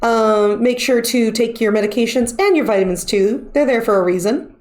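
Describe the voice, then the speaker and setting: A woman's voice: a little high, normal speed, darkish tone. A woman streamer chatting casually as she wraps up a live stream, rambling with lots of fillers. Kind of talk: casual stream wrap-up chat.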